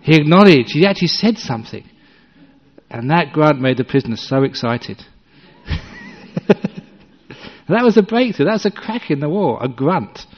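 A man's voice: on the high side, sing-song, moderate pace, long pauses. Male meditation teacher, dharma talk, storytelling and wry; muffled, reverberant hall recording. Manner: conversational storyteller, gently humorous.

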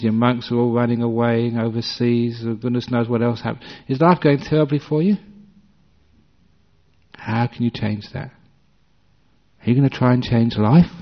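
A man giving a dharma talk as a meditation teacher, a conversational storyteller with gentle humor. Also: mid-range voice. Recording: dull recording with long hall reverb.

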